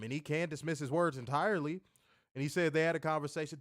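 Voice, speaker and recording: A man's voice: fairly high pitch, fairly even intonation, fast talker, dry recording, studio quality. A man co-hosting a casual wrestling review show, joking loosely, reading chat comments and summarizing the episode. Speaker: podcast co-host reviewing wrestling.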